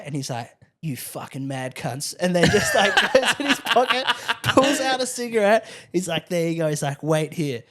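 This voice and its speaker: A young Australian man, a comedian guest on a podcast, telling animated anecdotes and acting out the people he quotes. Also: a little high, moderate pace. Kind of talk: casual chat.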